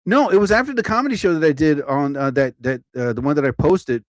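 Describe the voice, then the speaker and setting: A man's voice: a little high, fast, no echo. Rambling, slightly raised man on a dry livestream. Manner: chatty, self-interrupting, swears mildly, laughs at himself. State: yawning, a bit tired. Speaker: comedian livestreaming. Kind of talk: rambling casual livestream chat. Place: at home, TV on overhead. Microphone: phone or computer mic, livestream.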